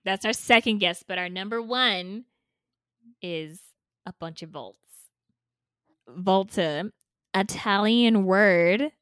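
A woman's voice: fairly low pitch, a little slow, sharp tone, smooth, dry recording, clean studio sound. A woman co-hosting a podcast in casual chat, playful and teasing, full of "like". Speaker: podcast co-host.

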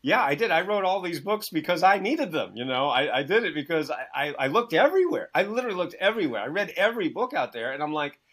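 A man's voice: on the high side, quick pace, few pauses. A man guesting as an author and success coach on a video call, telling stories with lots of "you know" and acting out the dialogue in them. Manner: energetic storyteller who acts out quoted dialogue; many fillers, "you know". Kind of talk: animated interview talk.

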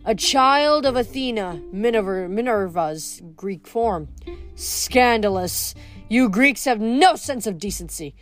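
A woman's voice: a little high, expressive, takes it slowly, faint music behind. A woman voicing a fussy, pompous male statue god who scolds and talks down to everyone. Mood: indignant. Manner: scolding, indignant.

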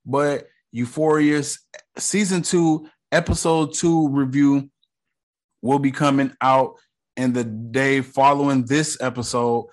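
A man's voice: medium pitch, fairly even intonation, takes it slowly. A man from the United States hosting a casual solo podcast, rambling in a laid-back, slangy way with lots of fillers. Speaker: podcast host.

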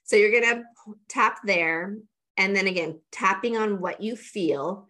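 A woman's voice: mid-range voice, measured pace, sharp tone. A woman, a coach, casually explaining and demonstrating a tapping routine step by step, with plenty of fillers. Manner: conversational, walks through steps with many fillers. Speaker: energy coach guest.

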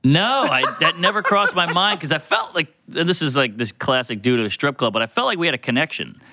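A man telling a story in casual podcast chat, animated and laughing often as he acts out what people said. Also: on the high side, brisk.

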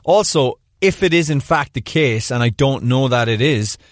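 A man co-hosting a podcast, chatting casually and breaking down plays in animated detail. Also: medium pitch, normal speed, no room sound, clean studio sound. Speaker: podcast co-host. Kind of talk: casual sports analysis chat.

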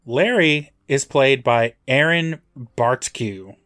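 A man's voice: medium pitch, expressive, takes it slowly, fairly bright tone. A man co-hosting a podcast, recapping a TV episode in a dry, matter-of-fact way. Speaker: podcast co-host. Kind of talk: casual chat recapping an episode.

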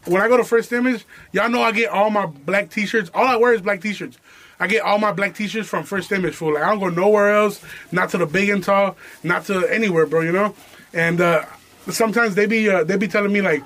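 A young man with a fairly high voice hosts a podcast. He tells a story in casual, profane slang and breaks into laughs. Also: fairly quick, a bit bright. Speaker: podcast host.

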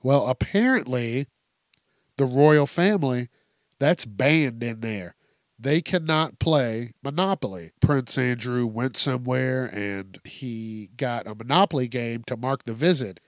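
A male host with a medium-pitched voice and unhurried delivery runs a casual, profane news commentary show. He tells odd stories with animated energy, heavy cursing, and laughter, in clean studio sound with no echo.

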